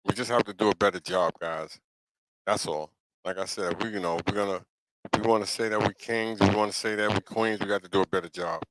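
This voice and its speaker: A middle-aged New York host talks a little fast in a lowish, fairly bright voice with fairly even intonation, on a dry, rough recording. His live talk show is a casual, preachy monologue to viewers, peppered with repeated "you know what I'm saying?"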